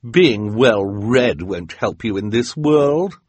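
A haughty, villainous woman speaks with a nasty, mocking edge, as a male storybook narrator puts her on. Her voice sits well above his own and keeps a husky grain. It sounds close and dry, with no room around it. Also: medium pitch, very animated, measured pace, no room sound, pitched above the performer's own voice. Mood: sneering.

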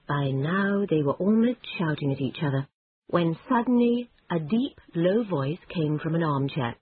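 Husky woman reading a storybook. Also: deep voice, lively intonation, a little slow, dry recording. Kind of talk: storybook narration. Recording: tinny phone-like lo-fi sound.

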